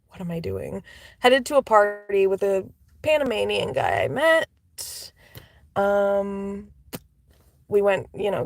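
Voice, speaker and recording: A woman telling casual storytime anecdotes, chatty and full of "like" fillers, laughing and swearing, sometimes dropping to soft whispery asides. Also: medium pitch, no room sound, studio quality.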